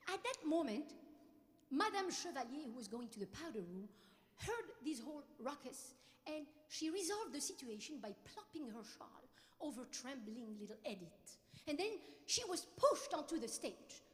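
A woman's voice: sits high, normal speed, long reverb tail. A woman singer telling a life story on a theatre stage, acting out the people she quotes as she goes. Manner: expressive, acts out the quotes.

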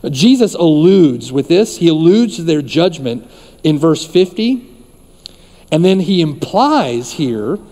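A man's voice: a little high, mellow. Emphatic preaching man in a reverberant hall. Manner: emphatic preaching with repeated phrases. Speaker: pastor. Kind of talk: sermon. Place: church.

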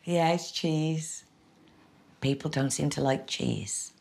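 A woman's voice: low-pitched, slow, vocal fry, a little mellow, soft background music. A woman hosting a dinner party, explaining her dishes in casual talk.

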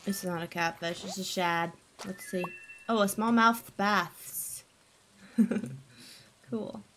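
A woman's voice: medium pitch, slow pace, a bit bright, slight background noise. A young woman live-streaming a game, chatting playfully with her viewers and reacting to the game with gasps and giggles. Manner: playful and chatty, talking to chat, bursting into gasps and silly sounds. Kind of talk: casual live-stream chat while gaming.

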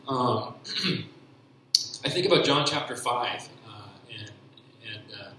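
A man giving a personal faith testimony at church, speaking haltingly with many restarts and repeated fillers. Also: mid-range voice, expressive, bright, forceful tone, slight background noise. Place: church hall. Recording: very echoey church hall.

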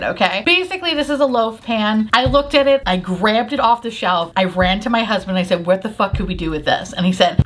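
A woman in her thirties with a slightly high voice talks through a shopping haul for the camera. She is animated and playful, laughs often and swears without a second thought, in an easy, casual vlog manner. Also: a little hiss or hum. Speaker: YouTuber doing a haul video.

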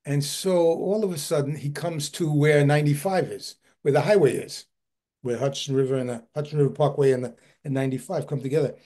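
A man who heads a historical society gives a video-call book talk. He tells an animated anecdote and often repeats his words. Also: a little high, a little fast. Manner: animated, repeats words while telling a story.

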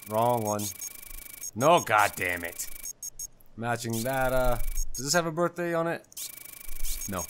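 Give me a man doing rambling, excitable gameplay commentary who swears at his own mistakes. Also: medium pitch, slight background noise. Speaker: gaming channel host. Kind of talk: let's play gameplay commentary.

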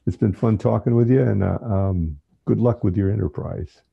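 A man talking as a guest in a relaxed podcast chat, unhurried and often trailing off. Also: lowish voice, vocal fry, slightly rough, phone-quality sound. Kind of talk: casual conversation.

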